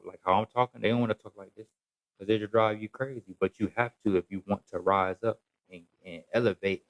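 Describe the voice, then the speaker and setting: Deep-voiced man ranting casually. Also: no room sound, rough recording. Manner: rambling, repetitive, emphatic. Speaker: social media commentator. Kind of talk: casual rant to camera.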